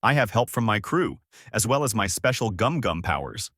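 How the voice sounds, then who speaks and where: A man's voice: fairly low pitch, big pitch swings, moderate pace, a bit bright, no room sound, studio quality. A man doing Luffy, a goofy young pirate captain. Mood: carefree. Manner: goofy, carefree, stubborn. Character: carefree young male rubber pirate captain.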